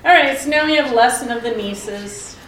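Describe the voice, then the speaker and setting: Middle-aged woman, Bible study teacher, slightly high voice, conversational with rhetorical questions, recorded from a distance in an echoey room. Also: a little fast, fairly bright tone, a little hiss or hum. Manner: asks listeners pointed rhetorical questions, tells family anecdotes.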